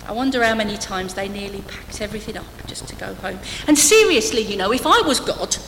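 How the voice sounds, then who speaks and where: A woman's voice: medium pitch, expressive, fairly quick, fairly bright tone, a little hiss or hum. A woman preaching a sermon to her church, conversational and humorous, with dry asides. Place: church hall. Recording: echoey church hall, faint ambience.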